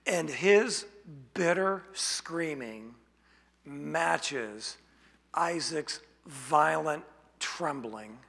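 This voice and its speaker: A man preaching an expository sermon, speaking slowly and deliberately and asking rhetorical questions. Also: a little high, lively intonation, creaky, fairly bright tone. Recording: long hall reverb.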